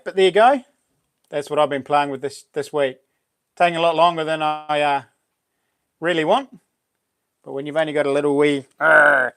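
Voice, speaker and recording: A New Zealand man hosting a casual live stream, chatting in a relaxed way, full of slang and reading out viewer comments. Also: fairly high pitch. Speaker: livestream host.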